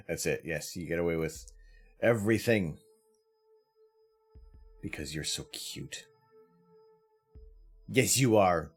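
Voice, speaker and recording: A man's voice: deep voice, expressive, takes it slowly, long pauses, husky, soft background music. A man hosting a live stream, chatting casually with viewers, greeting them by name and laughing often. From Canada. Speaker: livestream host.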